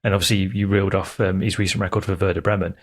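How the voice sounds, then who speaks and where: A man in easy football podcast chat, with a low voice. He talks eagerly and in bursts, often stopping to restart a thought. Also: little pitch movement, racing. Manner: chatty, enthusiastic, with many fillers and restarts. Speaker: podcast co-host.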